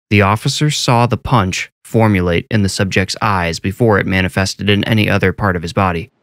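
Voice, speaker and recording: A man narrating a horror story in a measured, steady scripted style. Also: low voice, no room sound, clean studio sound. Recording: narration over clear background music.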